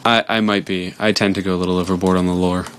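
A man co-hosting a podcast, chatting casually while he plays a game, animated and jokey and prone to silly voices. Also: low-pitched, quick pace, a little hiss or hum. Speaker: podcast co-host playing a game. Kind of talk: casual gaming chat.

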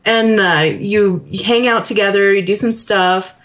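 Animated woman chatting about a game. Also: medium pitch, a little slow. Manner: animated, laughing, acts out characters. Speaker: podcast co-host. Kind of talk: casual chat about a video game.

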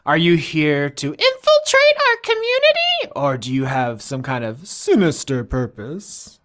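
A man voicing a suspicious many-headed snake man creature in a high, shrill, chattering voice. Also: wildly swooping pitch, a little slow, fairly bright tone, exaggerated voice.

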